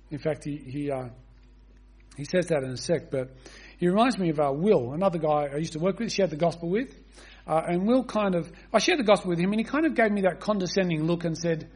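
Earnest preacher with a high husky voice. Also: male voice, animated, a little fast, darkish tone. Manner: earnest, asks the listeners rhetorical questions; reads scripture aloud at length. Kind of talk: expository sermon.

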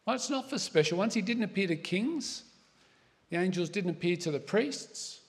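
A middle-aged pastor preaches a conversational sermon in a fairly high voice. He leans on asides and rhetorical questions to his listeners. His voice rings out with a long reverb, as if heard in a large hall. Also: animated, normal speed.

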